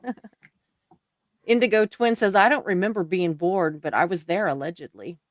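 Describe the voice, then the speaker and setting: An accented woman hosts a casual live stream, reading out viewer comments with frequent laughter. Her voice sits a little low, and the sound is dry and close with no room around it. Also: measured pace, dry recording. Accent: non-native English accent. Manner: chatty, laughs often.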